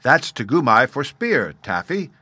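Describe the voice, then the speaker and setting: A man's voice: medium pitch, big pitch swings, measured pace, sharp tone, no echo, heavily acted. A man reading a storybook and voicing a patient, playful caveman father who explains things step by step.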